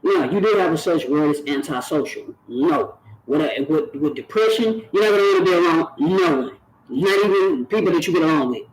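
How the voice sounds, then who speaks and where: A man's voice: on the high side, expressive, fairly quick, a little hiss or hum, low-quality recording. A man, talking earnestly to camera on his own channel and repeating phrases for emphasis. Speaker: YouTube channel host. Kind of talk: direct-to-camera talk.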